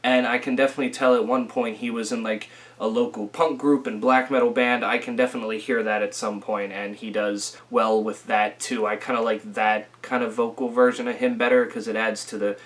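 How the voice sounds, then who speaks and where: A young man giving a casual, rambling album review, full of fillers and restarts, a little rough from a recent illness. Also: mid-range voice, little pitch movement, fairly quick, hardly any pauses, fairly bright tone. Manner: rambling, filler-heavy, self-correcting. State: recovering from illness, occasional coughing.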